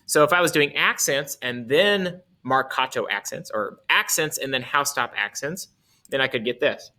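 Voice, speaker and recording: A man's voice: medium pitch, lively intonation, moderate pace, sharp tone. A male music teacher explaining articulation in a casual way, correcting himself as he goes and demonstrating on his instrument.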